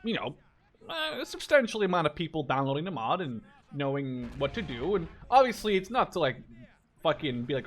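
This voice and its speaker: A Dutch-born gaming YouTuber in his twenties rambles casually while playing a war game, swearing from time to time. His voice runs on the high side, very animated and fairly bright, and he talks fairly quickly. Faint game noise and artillery sit in the background.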